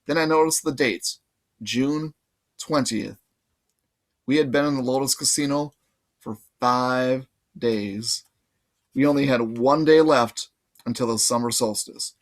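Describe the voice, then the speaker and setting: A man reading a novel aloud in casual, lively first-person narration. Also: medium pitch, moderate pace. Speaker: audiobook reader.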